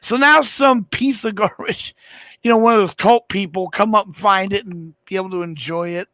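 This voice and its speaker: A man's voice: high-pitched, normal speed, sharp tone, no room sound. A man hosting a casual late-night chat, telling rambling, profane stories and laughing a lot. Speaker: livestream host.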